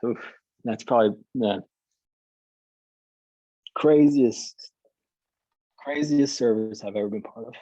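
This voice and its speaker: A man's voice: medium pitch, slow pace, long pauses, warm tone, no echo. Rambling man pastor, dull call audio. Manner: rambling, repeats words and restarts. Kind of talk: storytelling in a video call interview.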